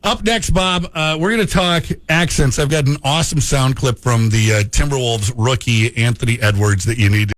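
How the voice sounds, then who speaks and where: A man hosting a casual morning radio show, jokey and quick to laugh. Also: medium pitch, a bit bright, dry recording. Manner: jokey, laughs often, playful. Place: radio studio.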